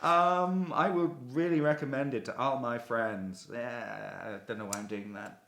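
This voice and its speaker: A chatty man talking casually and playfully, acting out little exchanges with others. His voice sits in the middle range and carries some room echo. He comes across as relaxed and conversational. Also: medium pitch, unhurried, a little hiss or hum. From United Kingdom. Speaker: interviewee, expat writer. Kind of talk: casual chat.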